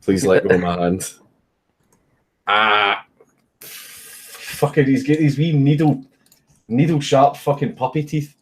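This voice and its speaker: A Scottish streamer sits at his computer at home with a puppy, chatting casually on a livestream through a desk microphone. He swears often and laughs through his stories as he reads comments, his medium-pitched voice a little slow and slightly rough.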